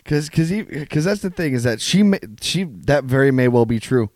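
A man chats as a podcast guest, relaxed and rambling, with lots of "like" and "you know." His pitch sits in the middle, and the sound is dry and close on a studio mic. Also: normal speed, no room sound. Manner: laid-back, rambling, full of fillers like "like" and "you know". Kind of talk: casual comedy podcast chat. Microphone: dynamic studio microphone.

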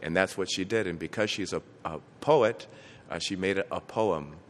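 A man's voice: sits low, moderate pace. A man, a bishop, preaching a homily, telling a family story in an earnest way with small restarts. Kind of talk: sermon. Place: church. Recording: long reverb from a church, faint noise.

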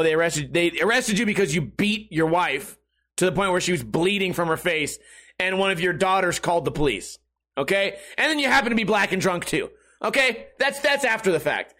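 High-voiced young man, sarcastic rant. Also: a bit bright. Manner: profane, sarcastic, rambling. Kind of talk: casual comedic rant.

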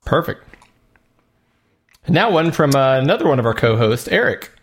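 A man's voice: medium pitch, very animated, moderate pace. A man co-hosting a casual retro gaming podcast, easygoing and joking, chatting about games with his co-host. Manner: easygoing, laughs often, joking asides.

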